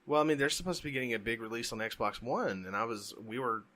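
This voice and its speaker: A man co-hosting a casual podcast, his voice bright and forceful. He talks emphatically, pushing his points hard in an animated rant. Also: mid-range voice, fast. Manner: emphatic, ranting. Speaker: podcast co-host. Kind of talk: casual chat.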